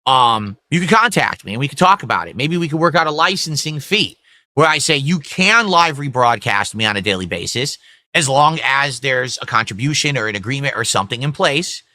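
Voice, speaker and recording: Stern, lecturing man with a bright voice. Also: medium pitch, animated, a little fast, dry recording. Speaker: streamer. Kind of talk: clip from a live stream.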